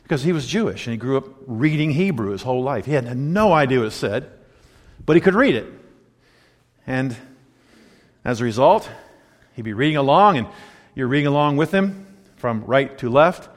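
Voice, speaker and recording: A man's voice: medium pitch, lively intonation, normal speed, pauses often, big-room sound. A man preaching a sermon, emphatic and full of rhetorical questions for his congregation. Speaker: pastor.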